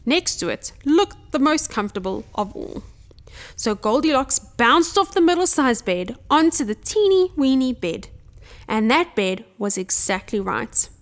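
A woman softly reading a bedtime fairy tale aloud in ASMR style, gentle and expressive. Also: a little high. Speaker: storyteller.

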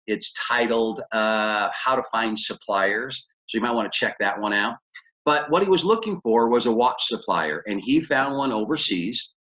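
Guy giving a business talk, chatty storytelling, slightly muffled lo-fi audio. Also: fairly bright tone. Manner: conversational, acts out dialogue with big pitch jumps. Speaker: business coach. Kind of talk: motivational storytelling lecture.

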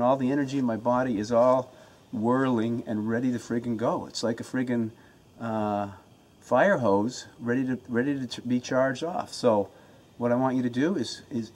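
A man's voice: medium pitch, darkish tone. A man giving a casual self-help talk to the camera from his home, earnest and pumped up, often restarting and repeating his words. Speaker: motivational vlogger.

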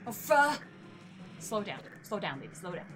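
A woman streamer giving casual let's-play commentary, chatty and talking to herself and the game, swinging between nervous and excited. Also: medium pitch, moderate pace, soft background music.

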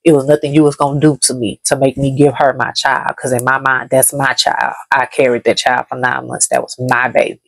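A woman's voice: extremely low pitch, little pitch movement, a little fast, vocal fry, few pauses, no room sound. A woman from Dallas, telling a painful personal story on her vlog in a heavy, repetitive, grief-laden way. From Dallas, Texas. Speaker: vlogger. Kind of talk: emotional story time.

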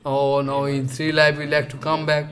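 A man acting out a pair of male gatekeepers from a scripture tale, barking at visitors or pleading for mercy. The man's voice is high. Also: completely flat delivery, normal speed, a bit bright, lightly acted. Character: two male gatekeepers, stern then pleading.

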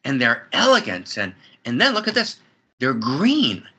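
A man's voice: medium pitch, wildly swooping pitch, a little slow, bright, forceful tone, husky. A man speaking as an interview guest in a spiritual conversation, effusive and building to soaring emphatic peaks, talking from a friend's house.

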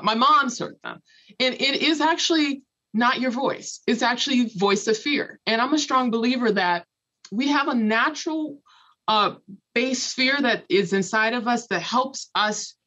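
A woman's voice: a little high, a bit bright, dull audio. A woman from Los Angeles, a podcast guest and author, giving a motivational talk in an earnest, emphatic way and repeating key phrases. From Los Angeles, United States. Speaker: guest, author and former math professor.

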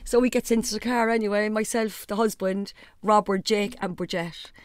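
A middle-aged Irish woman telling a family story on a podcast in a casual, animated way with blunt asides. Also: medium pitch, moderate pace, no echo, studio quality. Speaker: guest, the host's mother.

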